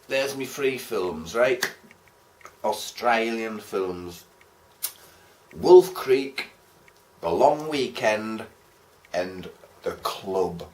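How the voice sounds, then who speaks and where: A man's voice: lowish voice, darkish tone. A man giving a casual, rambling film review, chatty and swearing casually as he talks. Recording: roomy echo.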